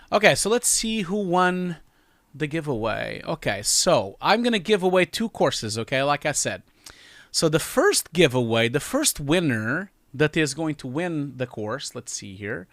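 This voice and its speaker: A man's voice: fairly high pitch, big pitch swings, measured pace, fairly bright tone, no echo. A man in his forties hosting his own livestream, chatty and emotional, laughing often as he reads messages. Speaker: channel host. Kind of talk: casual livestream chat.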